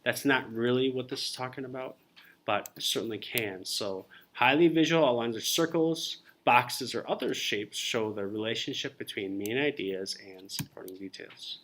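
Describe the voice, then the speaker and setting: A man's voice: medium pitch, normal speed, fairly bright tone. A man teaching a college reading class, explaining ideas informally and calling on students by name. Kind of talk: classroom lecture.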